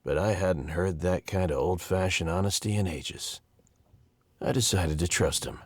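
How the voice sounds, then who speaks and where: A man voicing a weary, sardonic investigator who narrates a game, with a husky, dry delivery. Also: sits low, moderate pace, darkish tone, dry recording. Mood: wry.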